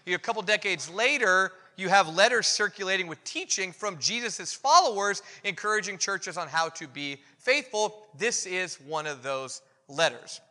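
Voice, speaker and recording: A man with a high, sharp-edged voice preaches in a relaxed, conversational way, candid and poking fun at himself. The sound rings with the long reverb of a big hall. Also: normal speed, hardly any pauses. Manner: candid, self-deprecating, animated storytelling. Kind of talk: conversational sermon.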